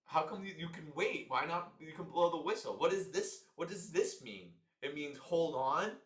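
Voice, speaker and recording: A man's voice: fairly high pitch, animated, normal speed, reverberant, far from the mic. Frustrated young man swearing through commentary. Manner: frustrated, swearing, loud outbursts. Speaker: livestream commentator. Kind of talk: casual live game commentary.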